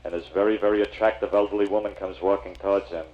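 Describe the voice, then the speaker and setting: A man's voice: deep voice, steady tone, quick pace, lo-fi sound. A man doing a stand-up routine, chatting with the audience in a confiding storyteller's manner. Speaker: comedian and emcee.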